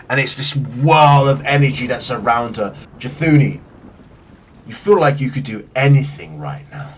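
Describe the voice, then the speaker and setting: Game master guy, slow dramatic narration, sounds a bit far from the mic, faint hiss. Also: medium pitch. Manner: vivid, swears freely, slow deliberate narration.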